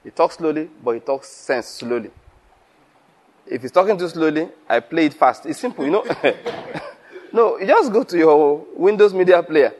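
A man's voice: fairly high pitch, lively intonation, normal speed, darkish tone. A man preaching, chuckling and asking rhetorical questions. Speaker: pastor. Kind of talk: teaching sermon.

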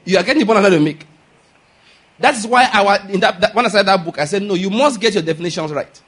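Male preacher, high husky voice, emphatic, works the room with call-and-response questions. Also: quick pace, fairly bright tone. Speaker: pastor. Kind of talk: sermon.

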